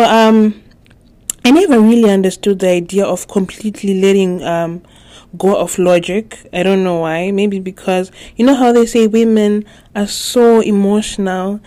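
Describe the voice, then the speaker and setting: A young woman hosting her own podcast in a casual, chatty way, often laughing and pausing with fillers. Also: medium pitch, dark tone. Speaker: podcast host. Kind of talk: casual solo podcast talk.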